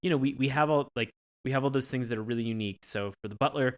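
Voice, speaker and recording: A man's voice: mid-range voice, very fast. A man co-hosting a podcast, describing a show in a rambling way and acting out characters' lines. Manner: rambling, many fillers and restarts, acts out lines. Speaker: podcast co-host. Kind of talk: casual chat about a cartoon.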